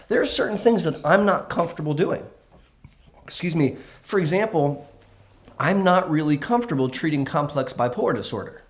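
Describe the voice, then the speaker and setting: A man who works as a doctor, talking in a casual livestream Q&A and answering viewer questions in an earnest, emphatic way with frequent ums. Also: a little high.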